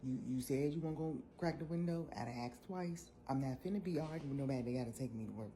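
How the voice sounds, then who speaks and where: A young woman, telling an animated, sassy story in a casual vlog. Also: sits low, fast, slight background noise. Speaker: vlogger.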